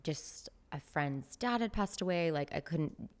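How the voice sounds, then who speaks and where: A woman guest on a podcast tells a personal story in casual chat, using plenty of "like" fillers and acting out the dialogue she quotes. Her low voice is expressive, with a measured pace.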